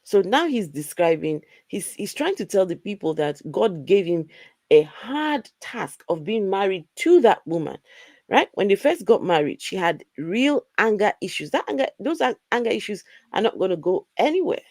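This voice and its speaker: A woman's voice: medium pitch, very animated, moderate pace, darkish tone, dry recording. A woman hosting a casual live stream, blunt and exasperated as she comments to her co-host.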